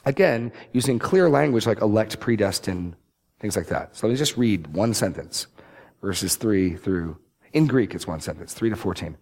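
A man giving expository Bible teaching, reading scripture slowly and stressing key words. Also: lowish voice, lively intonation, a little mellow. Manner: deliberate, emphatic scripture reading.

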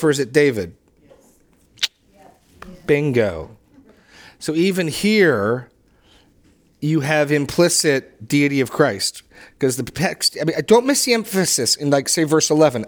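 A man's voice: on the high side, lively intonation, unhurried. Enthusiastic man leading a Bible study. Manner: enthusiastic, with frequent restarts and repeated words; emphatic when stressing scripture phrases. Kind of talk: discussion-style Bible teaching.

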